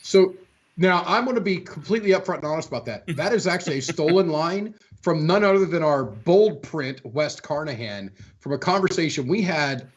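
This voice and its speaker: A man's voice: on the high side, animated, a little fast, muffled recording. A man co-hosting a podcast in casual chat, rambling and poking fun at himself. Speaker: podcast co-host.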